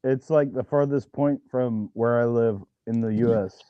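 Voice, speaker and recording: A man's voice: mid-range voice, fairly even intonation, normal speed, smooth, dry recording. An easygoing man with an American West Coast accent talks loosely in a casual livestream chat, trailing off and hedging as he goes. The recording is dry and dull, like voice-chat audio with no room sound. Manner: easygoing, rambling, hedges with "you know". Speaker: livestream guest.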